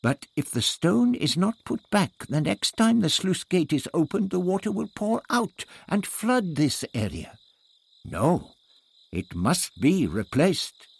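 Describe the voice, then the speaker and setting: A man's voice: high-pitched, big pitch swings, slow, vocal fry, husky, voice pushed up, exaggerated voice. A man voicing a proud, formal male Aztec warrior who speaks in a stately way.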